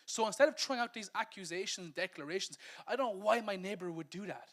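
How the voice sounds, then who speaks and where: An Irish pastor with a notably high voice delivers a sermon in a loose, chatty way. He breaks into acted-out snippets of dialogue and laughs at his own asides, then presses his point home with repeated phrases. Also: brisk. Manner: lively, conversational preaching that acts out quotes and laughs at himself. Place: church service.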